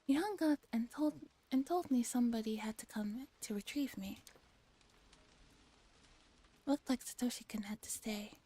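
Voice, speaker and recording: A young woman streamer reading a visual novel aloud in a soft, steady whisper, her speech with a valley-girl lilt. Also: a little high, normal speed, long pauses. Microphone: close ASMR microphone.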